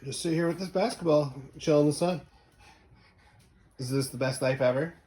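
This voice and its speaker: Casting note: a father playing his easygoing toddler son, a low, unbothered drawl with the swagger of a grown-up dude, recorded outdoors. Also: natural voice. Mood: mellow. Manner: slow, low, deadpan drawl. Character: laid-back toddler boy talking like a dude. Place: outdoor patio.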